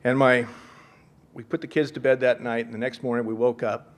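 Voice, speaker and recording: A middle-aged man from Seattle giving an earnest, reflective speech, telling a personal story with gentle humor. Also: medium pitch, level tone, brisk. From Seattle, USA. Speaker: speaker at a leadership event.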